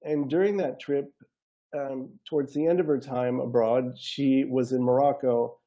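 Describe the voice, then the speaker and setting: A man author introducing his memoir on a video call, earnest and measured. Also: medium pitch, steady tone, dark tone. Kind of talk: reading and discussing his memoir.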